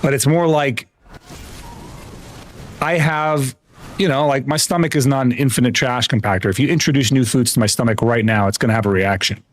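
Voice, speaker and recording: An American man chats casually while gaming on a livestream, telling rambling, profane stories, restarting his sentences and often jumping up in pitch. He talks fairly quickly.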